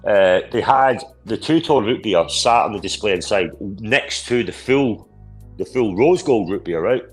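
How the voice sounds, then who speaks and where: A man in his forties talks in a fairly low voice, blunt and quick to swear when something irritates him. This is loose podcast conversation. Faint music sits underneath. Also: animated. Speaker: podcast co-host. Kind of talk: casual chat.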